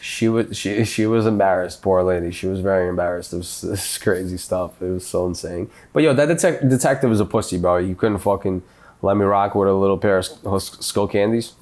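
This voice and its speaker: Animated, crude-talking man with a lowish voice. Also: brisk. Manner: crude, animated storytelling with frequent swearing. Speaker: podcast co-host. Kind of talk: casual comedic chat.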